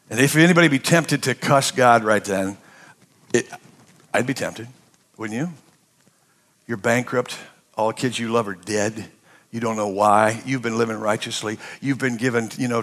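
A man preaching a sermon as pastor, swinging between impassioned shouting and quiet, hushed passages. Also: medium pitch. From United States.

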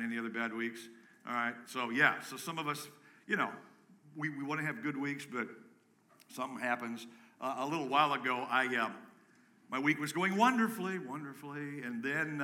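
A man preaching a live sermon to his congregation, energetic and joking, rallying the room with calls and shouts. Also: mid-range voice. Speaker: pastor. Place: church sanctuary with a congregation.

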